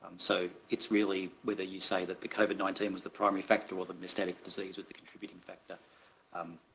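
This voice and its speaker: Deep-voiced halting Australian man. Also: little pitch movement, vocal fry, a bit bright, slight background noise, low-quality recording. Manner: halting, many restarts, measured. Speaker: expert medical witness. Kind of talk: formal testimony at an inquest.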